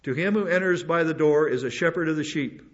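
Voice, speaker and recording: A man's voice: fairly high pitch, brisk. An older man, a pastor, preaching a rambling sermon with many restarts and asides. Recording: dull lo-fi recording.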